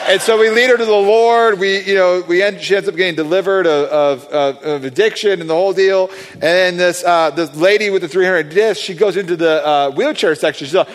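A man excitedly telling a testimony story about praying for people, rambling with many fillers and restarts. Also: sits high, fairly quick. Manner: animated, acts out quoted voices. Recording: long hall reverb.

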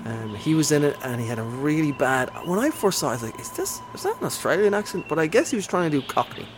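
A man's voice: a little high, expressive, quick pace, background noise. Rambling, enthusiastic man chatting about movies. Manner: enthusiastic, rambling with many fillers. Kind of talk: casual movie chat.

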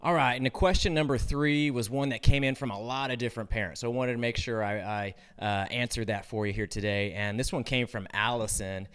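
Smooth-voiced man giving relaxed advice. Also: medium pitch, brisk, hardly any pauses. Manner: relaxed and conversational, full of "you know" and "right?". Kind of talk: casual advice talk.

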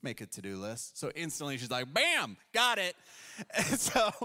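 A male pastor delivers a casual, story-driven sermon, slipping into little acted quotes as he talks. His voice sits a bit high for a man. The sound carries a long reverb tail, like a large church hall. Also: sharp tone.

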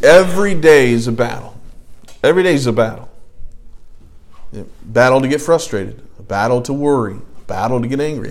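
Earnest man teaching a Bible class. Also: on the high side. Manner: earnest, swings from loud to hushed prayer voice.

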